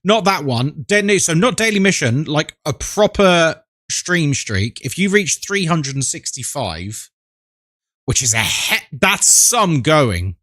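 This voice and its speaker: A man's voice: a little high, very animated, slow, fairly bright tone, no room sound, studio quality. A man hosting a live stream, greeting his viewers by name in a chatty, playful, affectionate way.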